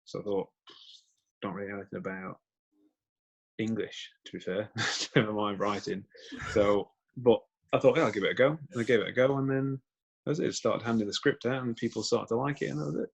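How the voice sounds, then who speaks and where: Man, low voice, husky, laid-back, teasing, video call guest. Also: brisk, low-quality recording. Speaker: stuntman and film director guest. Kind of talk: casual video-call interview.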